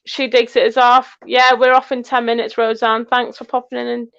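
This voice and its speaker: A woman's voice: a little high, little pitch movement, normal speed, gravelly, fairly bright tone, smooth, muffled recording. An English woman co-hosting a casual live chat, teasing her friend and reading out viewer comments. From England. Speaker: co-host of a metal detecting channel.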